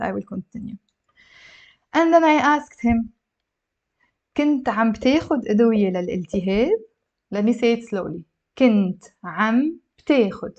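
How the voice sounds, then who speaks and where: A woman with a Lebanese accent teaching a language lesson, lively and encouraging, repeating words slowly for her learners. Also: medium pitch. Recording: slightly dull lo-fi sound.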